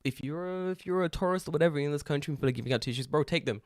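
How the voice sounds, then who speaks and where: A man's voice: fairly high pitch, rapid-fire, no room sound, clean studio sound. A man from England, co-hosting a podcast and telling stories in casual chat, swearing freely and laughing often. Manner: profane, animated storytelling with frequent laughter. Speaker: podcast co-host.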